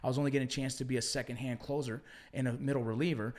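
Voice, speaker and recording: A middle-aged man telling stories from his past as a podcast guest, swearing a lot and slinging slang in casual, animated talk. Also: medium pitch, rapid-fire. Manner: profane, animated storytelling with slang like bro and dog. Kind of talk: casual storytelling conversation.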